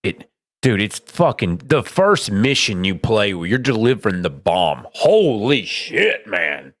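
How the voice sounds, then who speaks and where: A man's voice: on the low side, sing-song, unhurried, fairly bright tone, no room sound, studio quality. A man in a casual chat about a video game, enthusiastic and profane.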